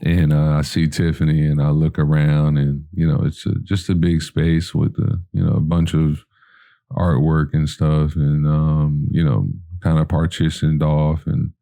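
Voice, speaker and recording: His voice extremely low with vocal fry, a mellow sound and little pitch movement, a podcast guest unhurriedly rambles through a long personal anecdote, peppering it with "you know" and "like" and performing quoted dialogue.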